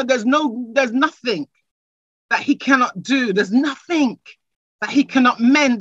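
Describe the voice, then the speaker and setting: The audio is dull and without echo as a woman with a high voice preaches. Her sermon climbs from casual side remarks to fervent shouted proclamations, with phrases repeated again and again.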